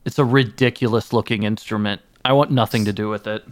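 A man playing a guest in an improvised comedy interview, telling absurd stories with mock-earnest deadpan. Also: fairly low pitch, brisk, dry recording, studio quality. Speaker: guest playing an anime creator.

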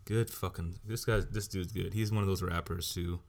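A man's voice: low-pitched, steady tone, moderate pace, creaky. A man hosting a solo podcast, ranting bluntly and swearing heavily as he talks. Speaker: podcast host.

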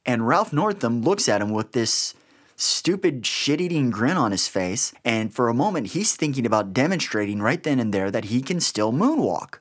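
A man's voice: mid-range voice, very animated, normal speed. A man hosting a podcast, giving blunt, sarcastic political commentary with an exasperated edge. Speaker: podcast host.

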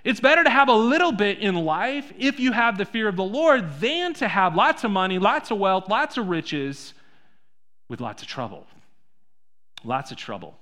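A man preaching a sermon in a church, conversational, full of rhetorical questions, swinging between soft and loud. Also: high-pitched, very animated, moderate pace. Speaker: pastor.

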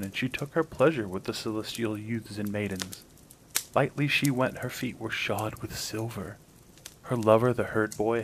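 A man hosting a story podcast, narrating a folk tale in a gentle, unhurried storybook style. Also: lowish voice, background noise. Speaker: storyteller host.

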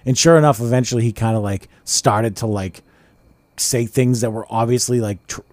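A man's voice: medium pitch, normal speed, no echo. A man co-hosting a casual podcast chat, telling boastful stories with lots of swearing and fillers. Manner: animated, swearing, boastful storytelling. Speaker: podcast co-host.

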